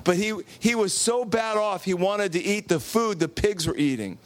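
A high-pitched man preaching in a church in a loose, conversational way. He acts out the characters' lines and keeps turning to the congregation with questions. His voice jumps up when he plays the shocked listeners. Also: normal speed. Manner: animated, acts out quotes, asks the congregation questions. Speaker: pastor. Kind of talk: casual sermon storytelling.

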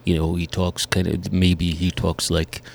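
A man voicing a very old man, with slow, halting speech. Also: deep voice, monotone, gravelly, pitched below the performer's own voice, heavily acted.

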